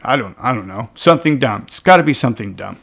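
A man with a gravelly, rough-edged voice of ordinary pitch gives casual relationship advice. He talks bluntly and swears easily, pushing certain words out loudly and then sinking into quieter asides. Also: fast. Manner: blunt, animated, swears casually, swings between loud emphasis and soft asides.

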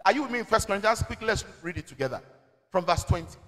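A man preaching a sermon as senior pastor, exhorting the congregation with call-and-response and reading scripture slowly and deliberately. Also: high voice, lively intonation, bright, forceful tone. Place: church service. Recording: long church-hall reverb.

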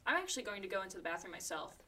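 Rambling woman player, bright and distant. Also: mid-range voice, very animated, very fast, a little hiss or hum. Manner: rambling, lots of "like". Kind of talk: playing a detective in a tabletop game.

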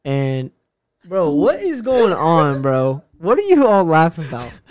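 Smooth-voiced young man telling a profane story. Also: fairly high pitch, huge pitch swings, unhurried, darkish tone. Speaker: podcast co-host. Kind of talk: casual chat, storytelling.

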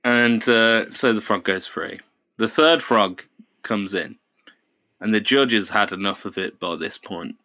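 Low, bright-voiced male podcast host. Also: a little slow. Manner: rambling, swears freely, acts out characters in his jokes. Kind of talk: casual chat, telling a long joke.

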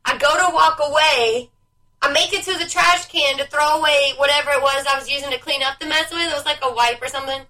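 A young woman chatting casually as a podcast co-host, an animated storyteller who swears freely. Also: high-pitched, fast, far from the mic, poor audio. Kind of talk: casual chat.

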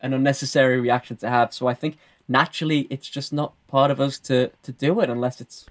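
A man's voice: mid-range voice, fairly even intonation, fairly quick. A man in casual podcast conversation, reflective, explaining his views at length and often repeating words as he thinks.

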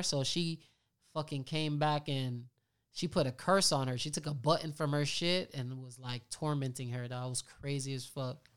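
Smooth-voiced young man, teasing podcast chat. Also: fairly high pitch. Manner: animated, teasing storyteller with slang. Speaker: podcast co-host. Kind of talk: casual chat.

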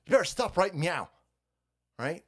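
With an unhurried, sing-song, mid-range voice, a livestream host rails against politics. Comments from viewers are read aloud one by one and mocked with heavy profanity.

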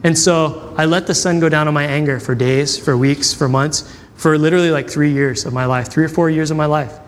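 A pastor delivers a sermon in a large hall, sharing personal stories conversationally and acting out the dialogue he quotes. His voice is on the high side, steady in tone and a little fast. There's a slight hiss or hum in the recording.

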